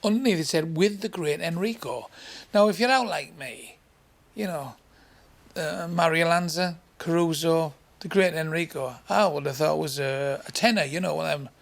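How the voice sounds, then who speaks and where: A man's voice: fairly high pitch, normal speed. A man from England doing crude, swearing stand-up storytelling, acting out voices and sounds along the way. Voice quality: gravelly. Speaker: stand-up comedian.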